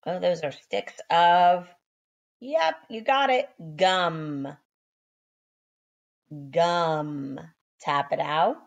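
A woman teaching young children phonics, sounding out letters slowly and praising them, a little sleepy and yawning. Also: lowish voice, expressive, creaky.

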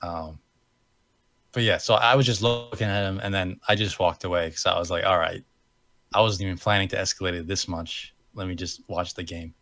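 His voice sits low and fairly bright, with fairly even intonation and a fairly quick delivery. He's a young American podcast co-host telling a casual, rambling story, correcting himself and laughing at himself.

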